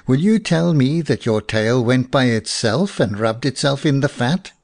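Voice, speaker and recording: A man's voice: mid-range voice, animated, unhurried, a little mellow, no echo, clean studio sound. A man voicing a stern farmer who mocks and gloats. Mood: gloating. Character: angry stern male farmer.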